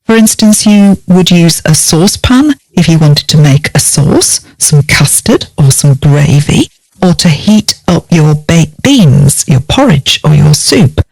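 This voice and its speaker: Female teacher, lowish voice, dry close sound, measured and clear. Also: animated, a little mellow, dry recording. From United Kingdom. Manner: spells words out letter by letter, clear and measured. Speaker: English teacher. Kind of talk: scripted vocabulary lesson.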